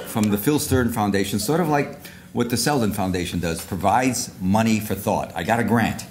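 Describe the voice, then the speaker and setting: A man's voice: on the low side, moderate pace, a little hiss or hum. An older man giving an anecdotal luncheon speech, rambling with frequent restarts and asides. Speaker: award speaker. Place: luncheon hall.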